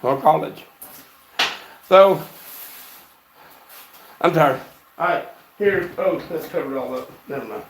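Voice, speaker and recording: A man's voice: on the high side, takes it slowly, pauses often. A man hosting a casual livestream from his home workshop, talking in a folksy drawl with plenty of fillers. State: out of breath. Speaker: shop host. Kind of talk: casual shop-talk livestream. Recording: echoey shop with faint noise.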